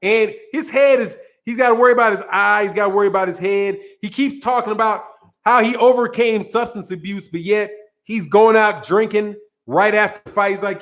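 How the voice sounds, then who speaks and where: A man's voice: high-pitched, a little fast, a bit bright. A man hosting a boxing channel, ranting casually in a rambling, sarcastic way, repeating words and breaking into laughs. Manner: sarcastic, mocking.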